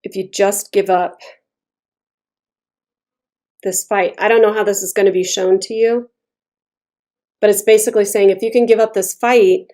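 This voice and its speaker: A woman's voice: medium pitch, warm tone. A woman giving a casual tarot reading, talking bluntly and chattily and swearing freely. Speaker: tarot reader.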